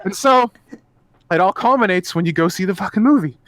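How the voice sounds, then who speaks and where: High-voiced man ranting profanely. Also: lively intonation, a little fast, fairly bright tone, dry recording. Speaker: podcast co-host. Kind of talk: casual podcast chat.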